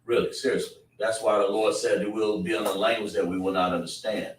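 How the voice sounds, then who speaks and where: A man's voice: lowish voice, little pitch movement, fast. A man teaching a class in an emphatic, repetitive, scolding preaching manner, in an indoor classroom. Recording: roomy, distant mic, faint noise.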